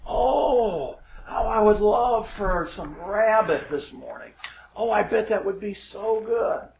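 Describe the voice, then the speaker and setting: A man's voice: high voice, animated, takes it slowly, gravelly, a little mellow, a little hiss or hum, heavily acted. A man voicing a young lost eagle who believes he is a turkey, speaking earnestly and plainly in a folksy storytelling way. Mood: wistful. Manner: earnest, wide-eyed, folksy. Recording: roomy, dull lo-fi recording.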